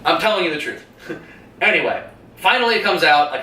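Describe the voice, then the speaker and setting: A man retells a movie's plot with a bright, forceful voice, swearing freely and laughing between scenes. He sits some way from the mic in a roomy, echoing space, with a faint hum behind him. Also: fairly high pitch, expressive, brisk, far from the mic. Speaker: podcast co-host. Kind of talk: casual movie review chat.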